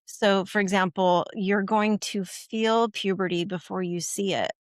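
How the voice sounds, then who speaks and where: Woman guest on a podcast, conversational and chatty, plain middle pitch, close dry mic. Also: steady tone, measured pace, no room sound. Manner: chatty, frequent "right?" and "okay?", acts out quoted lines. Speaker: guest expert on puberty education.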